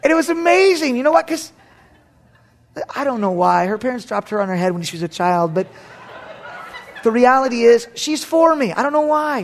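A male pastor with a high voice preaches a sermon. He is animated, swinging between loud bursts and hushed, near-whispered passages. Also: brisk.

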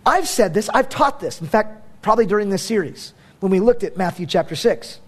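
A man's voice: sits high, lively intonation, fairly quick. A man preaching a sermon as a pastor, conversational and emphatic, with casual fillers.

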